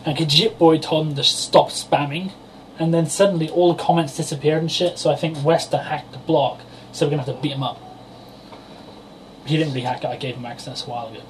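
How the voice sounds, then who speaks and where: A man's voice: on the high side, steady tone, fairly quick, a little hiss or hum, low-quality recording. A man, co-hosting a casual podcast chat, rambling and joking, swearing freely. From Europe. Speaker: podcast co-host.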